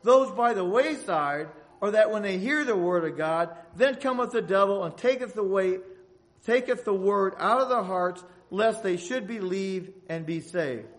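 High-voiced male preacher reading scripture. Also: fairly bright tone. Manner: reads scripture aloud in old-fashioned phrasing; asks the congregation for an amen. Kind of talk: sermon.

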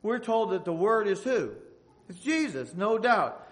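A man's voice: high voice, sing-song, a little slow. A man preaching a sermon, reading Bible passages aloud and asking the congregation for an amen. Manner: reads scripture aloud in old-fashioned phrasing.

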